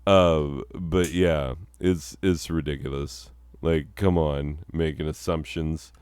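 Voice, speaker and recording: Slow, deep-voiced man in his forties. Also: steady tone, darkish tone, clean tone, no echo. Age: 40s. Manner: self-mocking, laughs often, many fillers. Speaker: channel host. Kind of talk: casual rambling monologue over slides.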